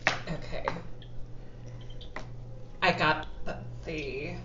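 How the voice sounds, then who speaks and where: A woman playing in a tabletop game, who talks slowly and laughs easily. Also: low-pitched, background noise. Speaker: player. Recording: echoey muffled room with faint ambience.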